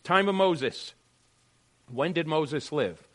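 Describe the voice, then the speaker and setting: A male pastor delivering a sermon with a slightly raised pitch. He preaches with passion, surging loud on key lines and dropping into quiet asides. He jokes with the congregation in between. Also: animated, takes it slowly. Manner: conversational and joking with the congregation.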